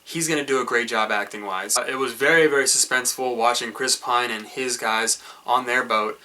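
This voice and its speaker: Guy doing a chill film review vlog, lots of ums, bright punchy voice. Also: medium pitch, a little fast. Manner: chatty, rambling with fillers. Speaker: movie reviewer. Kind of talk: casual movie review vlog.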